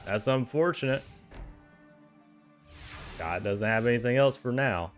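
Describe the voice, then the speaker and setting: A man giving casual, excitable play-by-play commentary on a card game tournament, chuckling often and cheering the players on. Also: mid-range voice, measured pace, faint music behind.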